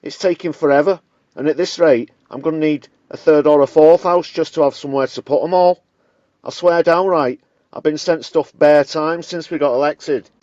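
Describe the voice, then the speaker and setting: A man's voice: on the high side, moderate pace, a little mellow, no room sound, natural voice. A man putting on a blunt, cocky Mancunian woman politician with a slangy, combative manner, in a comedy sketch. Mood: brash. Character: brash, blunt northern female deputy prime minister. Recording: dull, dry lo-fi recording.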